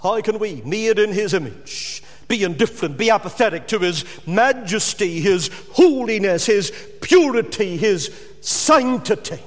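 High-voiced male preacher in a reverberant hall. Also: expressive, measured pace. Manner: emphatic, rising to loud repeated stresses. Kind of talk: sermon.

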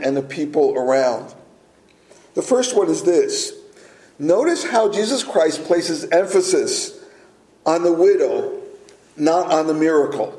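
A man preaching a sermon as pastor, speaking deliberately and pausing for emphasis. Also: a little high, mellow. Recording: echoey room.

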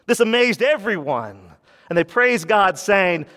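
Pastor, male, emphatic sermon delivery with a slightly high voice, recorded in a reverberant hall. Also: lively intonation, moderate pace, fairly bright tone. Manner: emphatic preaching, drops low for key points, rises when quoting.

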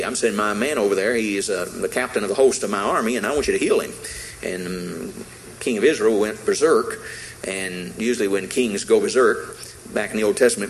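A man's voice: lowish voice, a little hiss or hum, rough recording. A man preaching a sermon in a folksy, emphatic way, retelling a Bible story with acted-out quotes and repeated lines.

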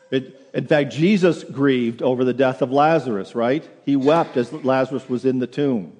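A man's voice: medium pitch, moderate pace, hardly any pauses, a little mellow. A male pastor preaching a sermon in earnest, often repeating words as he restarts a phrase, in a church sanctuary. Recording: long hall reverb.

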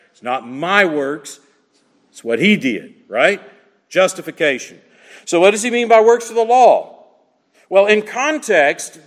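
A man's voice: a little high, long reverb tail. A man preaching an expository sermon, pressing his points with emphatic repetition and rhetorical questions to the congregation. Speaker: pastor.

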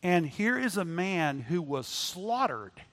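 A man preaching a sermon, moving between loud emphatic lines and quiet asides. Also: sits high, big pitch swings, takes it slowly.

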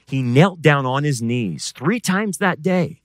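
Male pastor, sermon delivery, higher voice, loud-to-hushed swings. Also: expressive, slow, no room sound. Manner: preaching with swings from loud emphatic to quiet intense.

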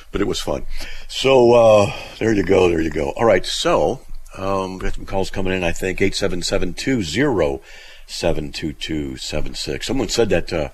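Deep voiced radio guy rambling on his call-in show, lots of ups and downs, bit of hiss. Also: lively intonation, normal speed. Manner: rambling, chatty, many fillers and restarts.

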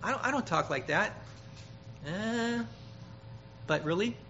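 A man preaching a sermon, emphatic, growing loud when he quotes scripture and often repeating words. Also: high voice, animated, measured pace. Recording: dull, slightly noisy sermon recording.

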